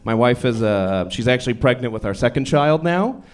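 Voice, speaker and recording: A young man performing a stand-up set on a comedy club stage, with a deadpan, self-deprecating delivery. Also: medium pitch, normal speed. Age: young adult.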